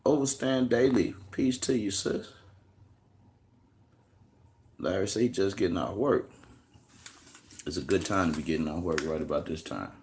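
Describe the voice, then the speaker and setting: A man's voice: low-pitched, moderate pace, a little mellow. Laid-back American man hosting a live chat. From United States. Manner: loose and conversational, greets chatters by name, slangy asides. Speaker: livestream host answering viewer questions. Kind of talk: casual live-stream chat and teaching.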